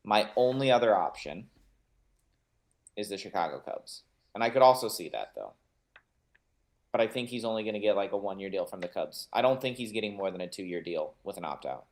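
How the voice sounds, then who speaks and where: A man's voice: lowish voice, animated, a little fast, poor audio. A man co-hosting a sports podcast, talking casually and confidently, giving firm opinions with a joking edge. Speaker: podcast co-host.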